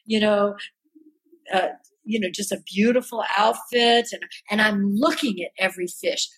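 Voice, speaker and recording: A woman with a husky, breathy voice tells stories in an interview. She is animated and self-mocking, keeps restarting her sentences, and slips into the voices of the people she describes. Her voice sits at an ordinary middle pitch. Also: moderate pace, poor audio. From American Midwest. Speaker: artist recalling her early work. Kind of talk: storytelling interview answers.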